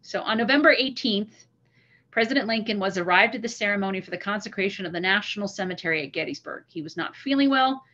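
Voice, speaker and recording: A woman giving an online history lecture as guest presenter, telling the story with earnest feeling and pausing to recite a speech. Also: mid-range voice, sharp tone, dull audio. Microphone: computer mic on a video call.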